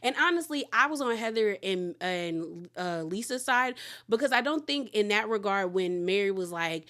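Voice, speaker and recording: A woman's voice: mid-range voice, animated, normal speed, a bit bright. A woman casually recapping a reality TV episode, chatty and full of "like", slipping into quoted voices as she retells scenes. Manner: chatty, heavy use of "like".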